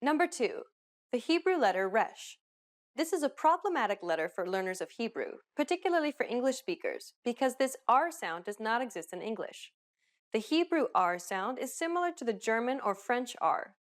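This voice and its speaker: A woman hosting a pronunciation lesson, giving upbeat, clearly enunciated scripted instructions. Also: on the high side, sing-song, moderate pace. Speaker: language teacher host.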